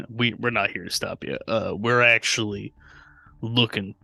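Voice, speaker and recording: A man's voice: on the low side, fairly even intonation, unhurried, vocal fry, pushed and bright, dry recording. A man playing his character in a tabletop game, hesitant and full of fillers. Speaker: player.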